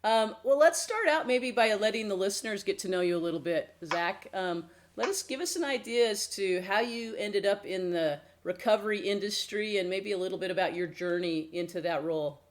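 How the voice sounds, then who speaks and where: A woman's voice: medium pitch, fairly quick, hardly any pauses. Chatty older woman co-hosting a podcast. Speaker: mental health counselor and podcast co-host. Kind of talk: casual podcast chat.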